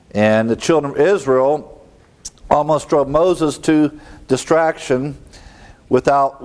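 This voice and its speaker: A man of middle pitch preaches an expository sermon. He teaches as he goes, unpacking word meanings and posing rhetorical questions, and lets out a small chuckle now and then. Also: darkish tone. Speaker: pastor.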